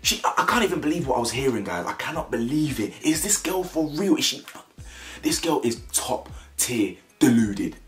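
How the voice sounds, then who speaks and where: A man's voice: mid-range voice, very animated, normal speed. Blunt, slangy British young man. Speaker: reality show commentator. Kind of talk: opinionated reaction commentary. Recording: echoey room with faint music.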